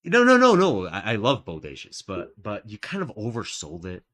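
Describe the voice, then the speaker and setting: A man's voice: lowish voice, big pitch swings, normal speed. A man hosting a live art stream in casual chat, playful and jokey, often laughing at himself.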